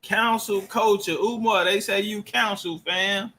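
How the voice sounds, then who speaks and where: A man's voice: high voice, fairly even intonation, a little slow, pushed and bright, slight background noise. A man giving loose, profane reaction commentary and telling stories.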